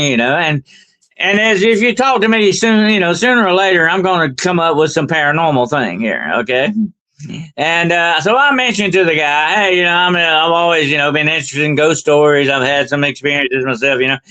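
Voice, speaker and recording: A man's voice: a little high, pushed and bright, rough recording. An older man, a paranormal investigator, tells a story in a rambling, conversational way and keeps checking in with "okay?" and "you know".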